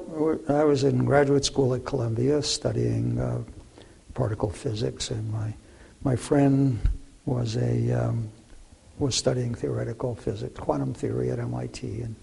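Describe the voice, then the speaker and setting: A man's voice: medium pitch, steady tone, normal speed, darkish tone. An older man, a physicist guest in an interview, recounting memories with many fillers and restarts. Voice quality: gravelly, raspy voice. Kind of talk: interview storytelling.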